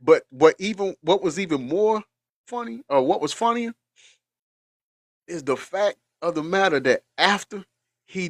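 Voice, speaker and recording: A man's voice: high voice, no echo. A man hosting a casual reaction show, laughing hard, teary and sniffling as he talks to his viewers. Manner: laughing hard, animated, chatty. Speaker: host.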